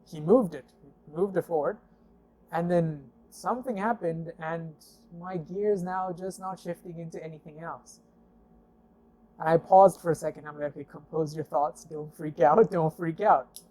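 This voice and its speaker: This guest has a slightly high voice and speaks at a normal speed. He tells car stories in a casual, conversational way, performing the dialogue with frequent fillers and plenty of "I'm like."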